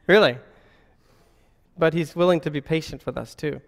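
A man's voice: on the high side, slow pace, vocal fry, long reverb tail. A man giving an informal Christian teaching in a conversational way, often asking rhetorical questions.

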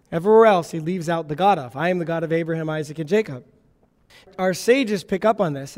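A messianic Jewish congregational leader preaches to his congregation in a high-pitched, darkish voice, earnest and teaching. He lifts his voice when quoting Moses and God from scripture, and the recording has a long hall reverb.

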